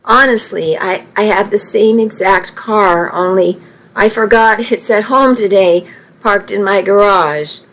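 A woman voicing a polite, kind young man in a gentle delivery. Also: mid-range voice, unhurried, lightly acted, low-quality recording.

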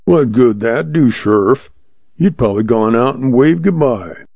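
A man's voice: mid-range voice, lively intonation, a little slow, vocal fry, darkish tone, dry recording. A man reading the part of a surly, quarrelsome cowboy with a sneering drawl, in a dry, slightly muffled recording.

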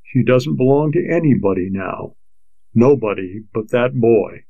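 A man reading a novel aloud, voicing a big army sergeant who speaks in a quiet, even, commanding way. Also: mid-range voice, a little slow, gravelly, no room sound, narrow, tinny audio. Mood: calm, firm. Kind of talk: audiobook character voice.

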